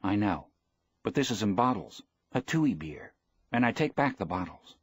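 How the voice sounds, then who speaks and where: A man's voice: fairly low pitch, sing-song, moderate pace, slightly rough, no echo, highs cut off. A man voicing a devoted young boy in a book reading, speaking eagerly and earnestly.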